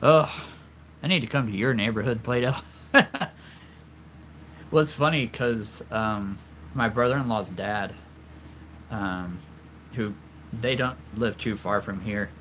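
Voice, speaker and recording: A man hosting a relaxed livestream, chatting with his viewers and laughing often. He speaks at an unhurried, slow pace, and his voice is a little worn because he is losing it. Soft ambient sound hums faintly behind him. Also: on the low side, a little hiss or hum. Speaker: livestream host. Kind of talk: casual live chat answering viewers.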